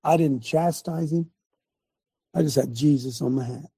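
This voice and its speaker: A man leading a relaxed group discussion tells stories in a folksy, drawn-out way and keeps asking the group for agreement. His voice is husky and mellow. The sound is dry and close, as on a video call. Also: on the high side, dry recording. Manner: folksy, drawn-out storytelling with rhetorical asides. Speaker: host and Bible study leader called Coach.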